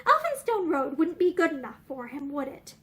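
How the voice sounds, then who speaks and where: A woman's voice: high voice, big pitch swings, moderate pace, a bit bright. A woman reading aloud and voicing an earnest, sensitive young woman who speaks eagerly and a little tremulously. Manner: eager, slightly tremulous speech.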